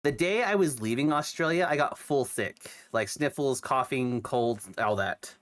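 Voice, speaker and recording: A man's voice: mid-range voice, measured pace, fairly bright tone. A young man who is sick with a cough, chatting casually on his stream, rambling with lots of fillers and restarts. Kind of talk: casual chat.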